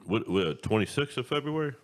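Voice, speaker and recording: A man's voice: mid-range voice, animated, a little fast. A man hosting a talk podcast, chatting casually and rambling with restarts and repeated words. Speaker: radio show host.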